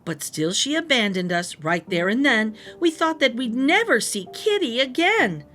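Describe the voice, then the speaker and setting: A woman's voice: fairly high pitch, very animated, normal speed, a bit bright. A woman narrating a rhyming picture book aloud as a storyteller, reading expressively.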